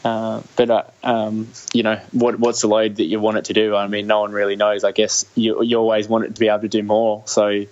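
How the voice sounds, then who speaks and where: Australian athlete, young man, low monotone delivery, halting with fillers, dull lo-fi audio. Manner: hesitant, many restarts and fillers. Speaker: guest, Olympic triathlete. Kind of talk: casual interview chat.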